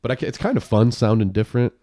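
A man co-hosting a podcast in casual chat, talking in a hoarse sick voice with a laid-back, rambling manner. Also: mid-range voice, lively intonation, racing, mellow. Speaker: podcast co-host.

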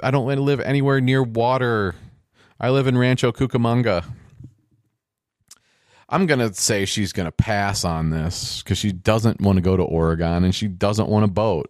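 A man's voice: fairly low pitch, darkish tone, no echo, studio quality. A man giving casual, joking play-by-play commentary while watching a game show, with sarcastic asides.

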